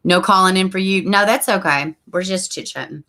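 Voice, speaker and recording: A woman hosting a casual livestream, chatting straight to her viewers and reading their comments aloud, with soft asides under her breath. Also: medium pitch, a little fast. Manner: frequent soft asides while fiddling with links. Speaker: livestream host.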